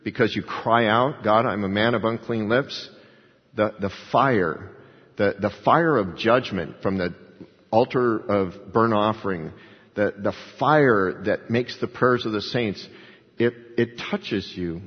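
A man with a husky, slightly breathy voice preaching to a congregation, his words rising into emphatic swells as he acts out the people he quotes. The recording is dull and lo-fi, and a long reverb trails off each phrase as it rings through the church sanctuary. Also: lowish voice, takes it slowly. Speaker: pastor. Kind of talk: sermon.

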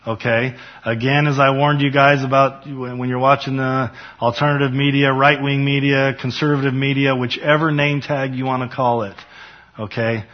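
A man teaching the Bible in a casual, earnest way, talking straight to his viewers and reading scripture slowly with rising emphasis. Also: medium pitch, little pitch movement, muffled recording. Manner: earnest, fervent, addresses viewers as "you guys".

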